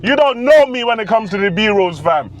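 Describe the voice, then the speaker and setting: A brash young man, full of street slang, boasts about his driving from inside a car. His voice sits high and is wearing hoarse. The engine and road rumble loudly beneath him. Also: expressive, moderate pace. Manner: boastful, loud bursts of hype, street slang. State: losing his voice. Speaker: car vlogger. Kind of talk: excited in-car commentary. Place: inside a car on country roads. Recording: car noise behind the voice.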